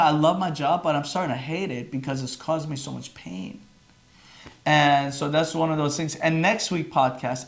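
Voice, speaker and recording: A man, a chiropractor, hosting a casual live podcast from his phone, rambling and earnest, breaking off mid-sentence often. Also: fairly high pitch. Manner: rambling, self-interrupting, earnest. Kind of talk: casual live-stream chat.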